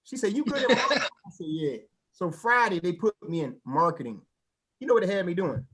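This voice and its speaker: Male stand-up comic, high voice, animated storytelling, vernacular delivery. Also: fairly quick, slightly rough. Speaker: stand-up comedian. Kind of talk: stand-up comedy set.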